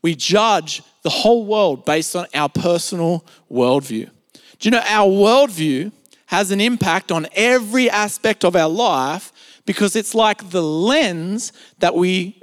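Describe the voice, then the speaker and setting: A man's voice: high-pitched, lively intonation, unhurried, in a large hall. A man with an Australian accent preaching a sermon in a conversational, storytelling way, full of filler words. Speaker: pastor. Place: church service, streamed.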